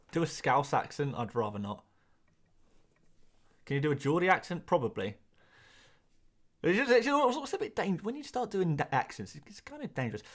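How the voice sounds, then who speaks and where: A young man from England talks loosely to his live-stream chat, and his pitch sits a little high. His voice leaps up and down as he rambles through quick asides and answers to questions. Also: fairly bright tone.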